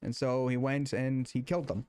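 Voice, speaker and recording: A man streaming, talking casually and then reading scripture aloud in a halting way, with many filler sounds and restarts. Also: medium pitch, flat delivery, a little mellow, clear, resonant tone.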